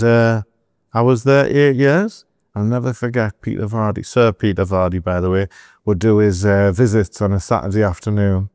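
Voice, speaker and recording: A middle-aged man from England, telling animated stories as a guest in a podcast interview, with asides to the host. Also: on the low side, smooth, dry recording, clean studio sound. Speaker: entrepreneur guest.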